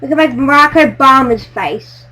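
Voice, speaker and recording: Silly excitable girl gamer, bright high voice that squeals a lot. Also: normal speed. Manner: bubbly, silly and easily excited, with squealing outbursts. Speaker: gamer playing on a friend's server. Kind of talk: excited let's-play chatter.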